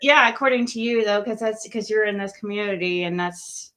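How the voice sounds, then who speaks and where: A bright, forceful-sounding woman in her sixties hosting a relaxed late-night livestream. She chats easily and laughs often, with a voice that sits in a middle range. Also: medium pitch, brisk. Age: 60s. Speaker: livestream host. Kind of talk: casual late-night chat.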